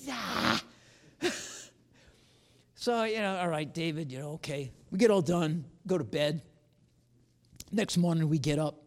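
A man's voice: on the high side, a little slow, pauses often, big-room sound. A man preaching a sermon, telling a personal story with humor and turning to an earnest appeal.

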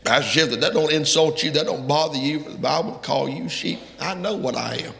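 A man with a gravelly, slightly high voice preaches a sermon in a church sanctuary, talking a little fast. His fervent delivery climbs to loud, emphatic peaks, while a long reverb makes the echoey hall sound big and far off.

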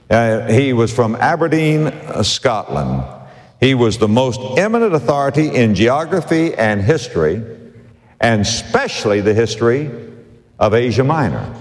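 A man preaching a sermon, repeating key phrases with slow emphasis. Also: mid-range voice, darkish tone, big-room sound. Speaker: pastor.

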